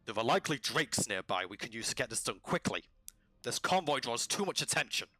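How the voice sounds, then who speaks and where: A man voicing a cold, scornful blue dragonborn commander in a tabletop game, calm and cutting. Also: mid-range voice, fairly quick, no echo.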